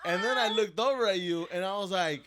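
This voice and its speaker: A man co-hosting a podcast, telling a story in an animated, profane way with frequent laughter. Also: high voice, brisk, background noise. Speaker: podcast co-host. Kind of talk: casual storytelling.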